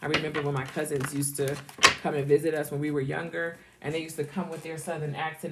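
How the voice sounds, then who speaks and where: A woman's voice: low-pitched, little pitch movement, quick pace, heavy background noise. A woman giving a casual, chatty tarot reading, repeating phrases and laughing often. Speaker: tarot reader.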